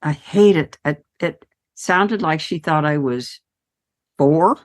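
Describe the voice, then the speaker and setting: A woman with a low voice hosts a podcast. She talks in a chatty, animated way as she shares a story. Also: slow pace. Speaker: podcast host. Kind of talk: casual interview.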